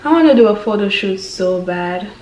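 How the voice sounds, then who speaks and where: A woman's voice: mid-range voice, expressive, normal speed, darkish tone, slight background noise. A woman with a Jamaican accent hosting a casual reaction video, full of gushing, exclamatory praise. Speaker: host reacting to clips. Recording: echoey room.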